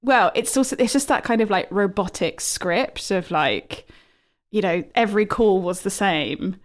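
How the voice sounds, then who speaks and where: A woman's voice: mid-range voice, a little slow. A woman comedy writer chatting as a podcast guest, self-deprecating and chatty. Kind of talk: casual chat.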